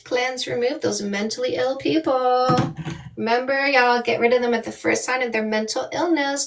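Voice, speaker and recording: A middle-aged dating coach from Canada chatting bluntly and animatedly with viewers on a live stream. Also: female voice, high voice, steady tone, normal speed, recorded from a distance. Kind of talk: casual live-stream chat.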